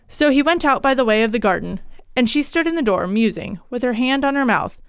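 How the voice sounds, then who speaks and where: A woman narrating a period ghost story in a measured storytelling voice, on a close mic. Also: fairly high pitch, animated, clear, resonant tone, no room sound. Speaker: audiobook narrator.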